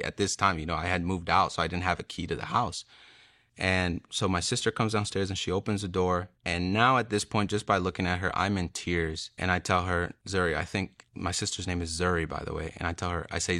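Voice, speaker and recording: A young man with a low but bright, forward voice tells his personal testimony, earnest and emotional, stepping into quoted dialogue as he goes. The recording is dry and close, with little room sound. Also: fairly even intonation, fairly quick, no room sound. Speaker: testimony speaker.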